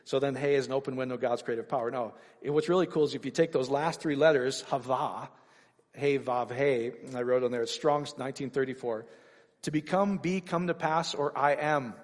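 A man preaching an informal sermon, energetic and full of rhetorical questions and sudden exclamations. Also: medium pitch, brisk, long reverb tail.

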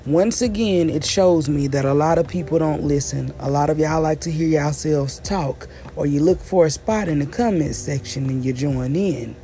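A woman from the American South, a vlogger giving an emphatic, exasperated commentary to camera, speaking slowly and deliberately so every word is clear. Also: low voice, warm tone, slight background noise. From Southern United States. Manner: deliberately slow, clear delivery. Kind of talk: direct-to-camera commentary rant.

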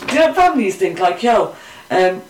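A woman co-hosting a casual true crime podcast, swearing a lot and jumping into loud bursts of outrage. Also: mid-range voice, sing-song, brisk, recorded from a distance. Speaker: podcast co-host. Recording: echoey room, voice a bit off-mic.

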